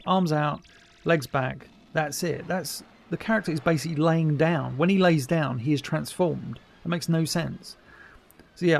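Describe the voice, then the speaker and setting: Wry man with a gravelly edge. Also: on the high side. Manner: wry, chatty, mock-dismissive. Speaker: commentary host. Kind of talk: casual audio commentary.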